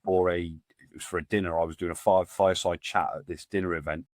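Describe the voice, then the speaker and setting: His low, level voice moves a little fast as this middle-aged man, a podcast guest and founder of a men's support group, tells stories. The talk is casual and meandering, packed with fillers and restarts, and the studio-quality audio has no echo.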